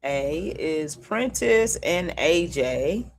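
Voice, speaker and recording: Woman, co-host, quiz reader, slow pace, animated pitch. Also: vocal fry, slight background noise. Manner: reads questions slowly and deliberately, laughs often. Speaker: co-host reading trivia. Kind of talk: casual radio-style chat, game quiz.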